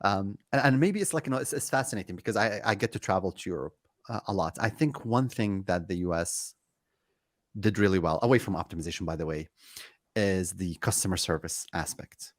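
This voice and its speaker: A man talking casually as a guest in an interview, telling a story with lively energy and acting out both sides of the conversation. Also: low-pitched, brisk, no echo, studio quality. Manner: animated, acts out both sides of anecdotes. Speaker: guest, company CEO.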